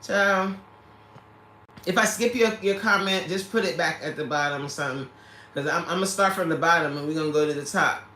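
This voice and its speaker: A woman's voice: sits low, brisk, pushed and bright, reverberant, slight background noise. A woman hosting a casual livestream who reads out viewer comments, laughing often and talking straight to her viewers. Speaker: livestream host reading chat.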